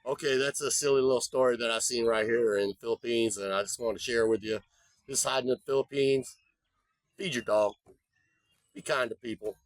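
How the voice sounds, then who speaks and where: A man's voice: medium pitch, fairly even intonation, brisk, no echo. A man vlogging, telling a rambling story in a folksy, profane, casual way. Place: abroad in the Philippines.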